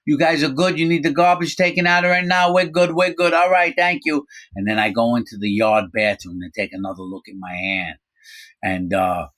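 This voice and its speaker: A middle-aged man casually telling a story from his own life, animated, acting out quoted voices, with frequent fillers. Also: fairly low pitch. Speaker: storyteller recounting his prison time.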